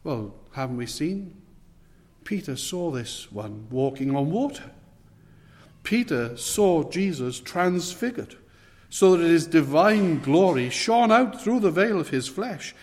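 Earnest preacher in an echoing hall. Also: male voice, expressive. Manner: earnest, emphatic, slows and drops to soft low phrases. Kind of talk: sermon. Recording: long hall reverb.

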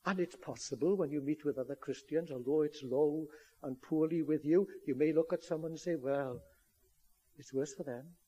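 With a fairly high voice carrying a husky edge, this preacher talks earnestly and presses his audience with emphatic appeals. He moves briskly, and his tone is warm.

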